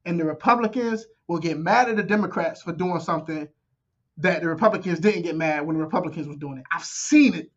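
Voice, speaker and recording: A man's voice: on the high side, brisk, a bit bright, muffled recording. A man reacting to a debate clip with casual, conversational commentary, often repeating himself for emphasis.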